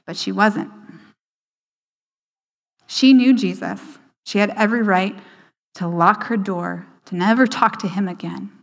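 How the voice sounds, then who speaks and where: A woman's voice: mid-range voice, vocal fry. Woman preaching in a reverberant hall. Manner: slow, emphatic pauses with hushed quoted lines. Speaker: speaker at a church service. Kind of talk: sermon.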